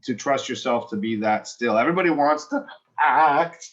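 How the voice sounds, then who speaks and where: A man coaching a student actor, frank and encouraging, his thoughts tumbling out in stops and restarts. His voice sits at an ordinary middle pitch. The recording is a little dull and lo-fi. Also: lively intonation, normal speed, fairly bright tone. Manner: direct and encouraging, full of restarts. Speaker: acting coach. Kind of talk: one-on-one acting feedback.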